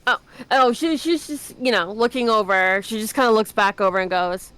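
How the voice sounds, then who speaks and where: A woman's voice: medium pitch, moderate pace, fairly bright tone, clean tone, no echo. A woman playing a tabletop game, who animatedly narrates what her character does. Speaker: player.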